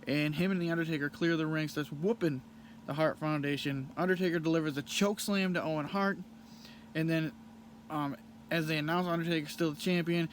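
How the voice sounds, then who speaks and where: A young man with a slightly higher voice recaps a match in casual podcast chatter. He rambles, stops and restarts often. A faint background hiss sits under the recording. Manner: rambling, frequent ums and restarts. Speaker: podcast host reviewing a wrestling match. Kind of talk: casual play-by-play recap and review.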